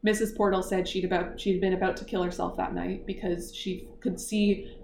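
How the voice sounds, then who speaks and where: A woman hosting a casual book club chat, retelling a mystery plot in animated detail and laughing often. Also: lowish voice, normal speed, gravelly. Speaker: book club podcast host. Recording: echoey room, faint noise.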